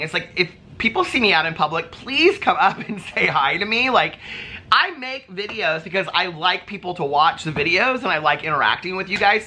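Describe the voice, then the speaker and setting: A man vlogging from a hotel room, telling stories in a chatty, animated way with lots of fillers. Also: fairly high pitch, a little hiss or hum. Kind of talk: casual chat to camera.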